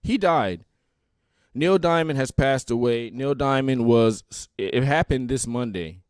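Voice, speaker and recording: A man's voice: mid-range voice, a little slow, clear, resonant tone, no room sound, clean studio sound. A man hosting a podcast in casual, mocking comedic commentary with laughing asides. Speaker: podcast host.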